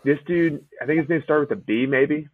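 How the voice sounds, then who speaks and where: A man with a husky, breathy voice tells rowdy, swear-filled stories in casual chat. He acts out the people he quotes with gusto. The sound is a little muffled and lo-fi. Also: on the high side, a little fast, no room sound. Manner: animated, profane storyteller acting out quotes. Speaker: podcast guest, former officer candidate.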